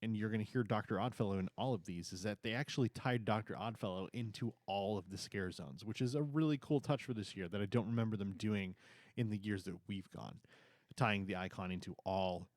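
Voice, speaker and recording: A young adult man co-hosts a laid-back review conversation with an enthusiastic, rambling delivery, now and then tripping over his words. His voice sits a bit low and sounds dry and close to the mic. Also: brisk, no echo. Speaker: co-host reviewing theme park events. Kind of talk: casual chat.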